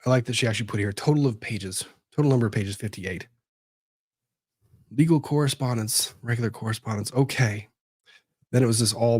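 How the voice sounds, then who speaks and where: A man's voice: medium pitch, brisk, long pauses, a little mellow, husky, no room sound, clean studio sound. A man hosting casual legal commentary, talking to himself as he hunts for documents and rambles on. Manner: rambling, talks to himself while searching documents. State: disorganized after moving.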